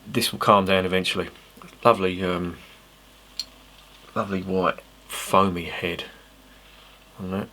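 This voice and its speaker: A man's voice: sits low, steady tone, measured pace, pushed and bright, slight background noise. An English man reviewing a beer on camera in a casual, rambling way, swearing freely and making self-mocking asides. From England.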